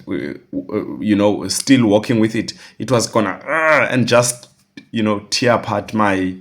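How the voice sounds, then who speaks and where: A man's voice: on the low side, breathy edge. A man telling a personal story, rambling, with restarts and quoted dialogue. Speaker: vlogger.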